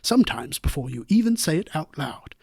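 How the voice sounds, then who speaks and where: A man voicing a nature-documentary narrator with a British accent, reading a fake ad in a hushed, dramatic way. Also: on the high side, big pitch swings, fairly quick, gravelly, husky, dry recording, studio quality, exaggerated voice. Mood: mock solemn.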